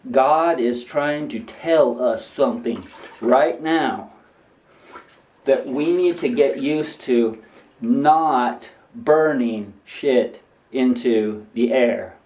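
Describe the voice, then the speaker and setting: A man's voice: medium pitch, very slow, darkish tone, far from the mic. A man casually rambling and preaching while he demonstrates washing laundry by hand in a bathtub, with lots of restarts. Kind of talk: casual how-to vlog. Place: bathroom, washing clothes in a tub. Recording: echoey bathroom, off-mic, running water.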